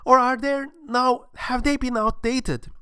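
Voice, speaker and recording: A man's voice: very high voice, fairly even intonation, a little slow, pushed and bright, smooth, dry recording, clean studio sound, pitched above the performer's own voice, heavily acted. A man voicing a gullible, eager male cult believer who pleads with his questions. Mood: pleading.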